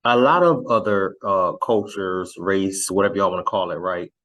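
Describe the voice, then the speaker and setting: A man's voice: sits low, normal speed, a bit bright, low-quality recording. A young adult man hosting his show, reacting in rambling, conversational commentary. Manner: rambling, conversational, with many fillers. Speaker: host.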